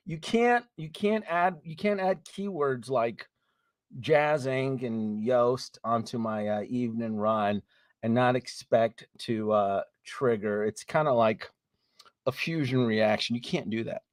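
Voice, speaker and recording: A man's voice: medium pitch, takes it slowly, no echo, studio quality. A man hosting a casual live stream, chatting with viewers, greeting them by name, laughing often and trailing off into restarts.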